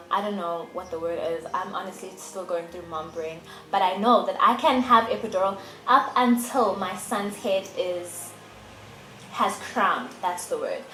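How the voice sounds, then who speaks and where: A woman's voice: medium pitch, fairly bright tone. A young woman vlogger from South Africa, emotionally retelling a hard experience with emphatic repetition. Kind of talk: casual storytelling to camera. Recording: echoey room, faint music.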